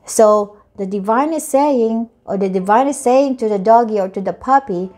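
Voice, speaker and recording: A woman giving a tarot reading, talking in a reassuring way that repeats key phrases, with soft music behind her. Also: on the high side, normal speed, few pauses. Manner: repetitive, reassuring. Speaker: tarot reader.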